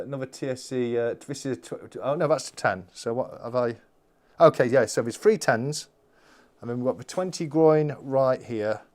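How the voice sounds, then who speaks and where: A man's voice: medium pitch, darkish tone. A man hosting a live-stream unboxing, talking casually and gushing with exclamations. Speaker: channel host.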